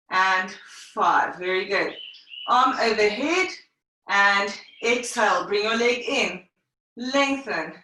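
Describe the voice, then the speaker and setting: A woman's voice: a little high, pushed and bright, slight background noise. A woman pilates instructor teaching a live online class, cueing breaths and counting reps in short phrases, a little out of breath. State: slightly out of breath. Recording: very echoey room, voice far from mic.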